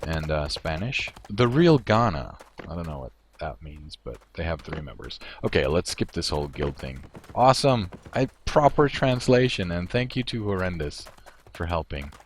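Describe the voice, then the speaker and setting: A man with a very low, deep voice chats through a game stream. He rambles from thought to thought and laughs at himself. Faint hiss sits under his voice. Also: expressive, normal speed. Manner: rambling, self-amused, thinks aloud. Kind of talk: casual gameplay commentary.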